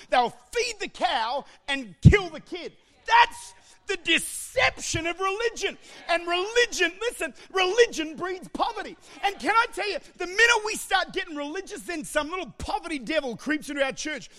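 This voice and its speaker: High-voiced preacher, impassioned. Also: male voice. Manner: impassioned preaching, often shouting, with joking asides. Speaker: pastor. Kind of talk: sermon.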